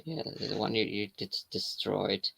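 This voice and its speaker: A man co-hosts a casual live stream with a low, heavily gravelly voice. His tone is sharp and husky, and he teases with frequent restarts. The sound is dry and dull. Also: unhurried, no echo. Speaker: co-host.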